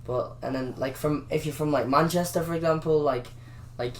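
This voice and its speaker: A man's voice: on the high side, fairly even intonation, normal speed, a little hiss or hum. A young man from Liverpool with a Scouse accent, a guest chatting casually and rambling with lots of "like". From Liverpool, England. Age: young adult. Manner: rambling, heavy use of "like". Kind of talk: casual interview chat.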